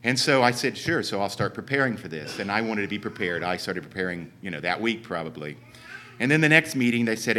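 A man's voice: lowish voice, expressive, a little fast, pushed and bright. A man with a Southern Ohio accent telling a long, rambling story from the church pulpit in run-on sentences. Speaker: church member giving a talk. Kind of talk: sermon storytelling. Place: church sanctuary.

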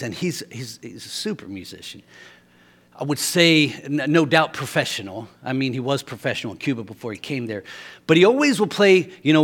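A man's voice: mid-range voice, a bit bright. Man preaching a storytelling sermon. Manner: storytelling, repeats words as he restarts.

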